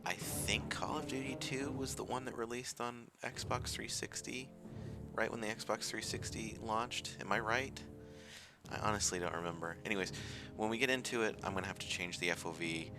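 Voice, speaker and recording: A man's voice: lowish voice, normal speed, music in the background. A man hosting casual let's-play commentary, rambling and self-deprecating with lots of fillers. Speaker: gaming channel host.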